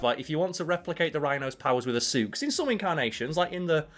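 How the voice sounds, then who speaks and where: A man's voice: on the high side, lively intonation, quick pace, music in the background. A man co-hosting a podcast, riffing and joking profanely in casual chat. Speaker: podcast co-host.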